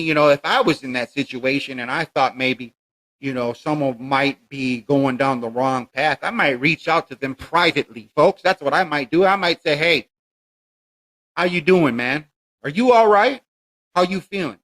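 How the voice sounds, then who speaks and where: A man's voice: a little high, a bit bright. A man hosting a podcast monologue, preachy and indignant, firing rhetorical questions at his listeners. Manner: preachy and emphatic, keeps addressing listeners as folks. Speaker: podcast host.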